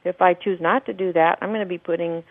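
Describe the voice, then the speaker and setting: A woman's voice: lowish voice, fairly even intonation, fast talker, dry recording. A woman, a documentary producer and spiritual teacher, talking earnestly and explaining at length as a guest on a radio interview, laughing often. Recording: tinny phone line.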